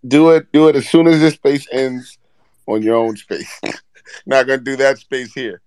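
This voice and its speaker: A man's voice: medium pitch, fairly even intonation, a little slow, a little mellow, clear, resonant tone, no room sound. A man hosting a casual live audio chat, exasperated and profane as he keeps the others in line. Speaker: host.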